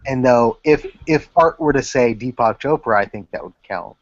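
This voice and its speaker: A man's voice: mid-range voice, moderate pace. A man in a casual online debate chat, carefully qualifying and hedging his points. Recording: dull lo-fi call audio.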